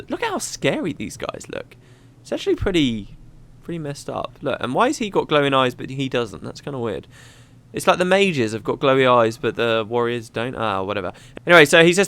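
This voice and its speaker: A man's voice: medium pitch, big pitch swings, moderate pace, fairly bright tone, clear, resonant tone, no room sound. A man hosting a let's play, chatting casually and reading game dialogue aloud. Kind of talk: casual gameplay commentary.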